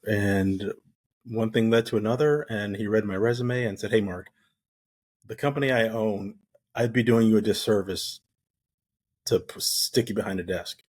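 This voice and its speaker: A middle-aged man from the United States speaks as a guest in a relaxed interview, with a husky voice that sits low. He tells his story in a lively way and acts out the lines of the people in it. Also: normal speed. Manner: animated storyteller who acts out quoted dialogue. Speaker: guest, retired Navy SEAL.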